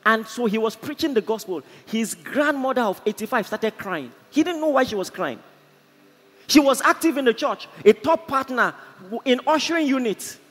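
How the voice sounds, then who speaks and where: A Nigerian man preaching with passion, his voice pitched high and ringing bright. He tells stories as he drives his points home. His voice carries through an echoing hall with a faint hum of ambience behind it. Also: expressive, normal speed, breathy edge. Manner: impassioned, storytelling preaching. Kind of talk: sermon.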